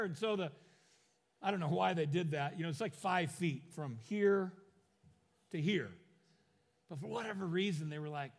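High-voiced pastor telling stories. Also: male voice, expressive, unhurried, gravelly, big-room sound. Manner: storytelling with humorous asides; acts out quoted lines in voices. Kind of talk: sermon.

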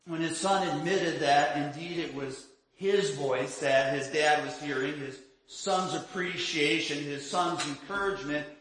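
A pastor delivering a sermon, telling a story with a sing-song lilt and driving points home with repeated questions. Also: male voice, a little high, unhurried, few pauses, a bit bright. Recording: very echoey room.

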